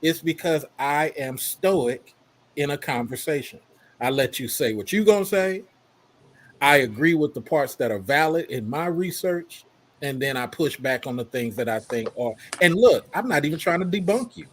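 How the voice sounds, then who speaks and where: Man panel guest, husky, measured, laid-back explainer. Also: fairly high pitch, lively intonation. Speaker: podcast guest. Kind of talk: measured debate talk.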